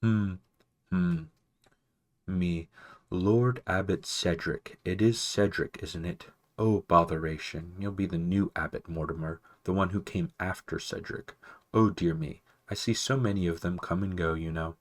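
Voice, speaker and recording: A man's voice: sits low, steady tone, unhurried. A man voicing an ancient, mumbling mouse. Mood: doddering. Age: older. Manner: soft, mumbling, fussy, barely above a whisper. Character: ancient male mouse archivist, wise, absent-minded.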